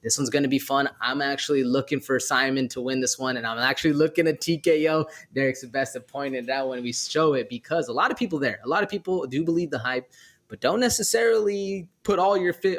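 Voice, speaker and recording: A man's voice: medium pitch, a bit bright. A young man co-hosting a sports betting podcast, easygoing and rambling as he breaks down the fights. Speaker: podcast co-host. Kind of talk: casual sports betting chat.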